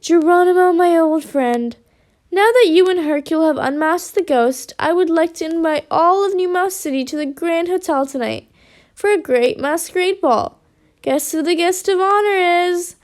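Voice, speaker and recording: A woman's voice: very high voice, normal speed, darkish tone. A woman voicing a grand, enthusiastic male mouse hotelier announcing a ball. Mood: effusive.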